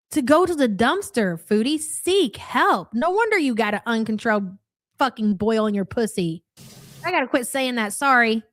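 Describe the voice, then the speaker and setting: A woman with a fairly high voice talks over a live stream, blunt and mocking as she reads chat. She swears freely. The sound is dry and close. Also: dry recording. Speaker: commentary streamer. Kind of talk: casual live-stream commentary.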